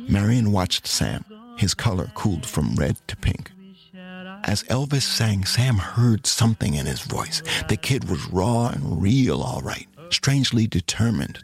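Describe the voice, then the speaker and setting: A man narrating a story in an expressive, dramatic way. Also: fairly low pitch, creaky.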